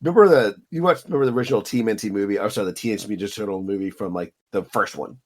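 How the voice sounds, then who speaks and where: Rambling man with a lowish voice. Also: rapid-fire. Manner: rambling, filler-heavy. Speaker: podcast co-host. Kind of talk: casual chat.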